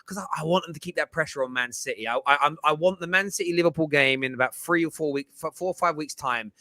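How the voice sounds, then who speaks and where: Bright-voiced chatty podcast host, a man. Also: a little high, quick pace, dry recording. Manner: chatty, stumbles over words and repeats himself. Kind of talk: casual football podcast chat.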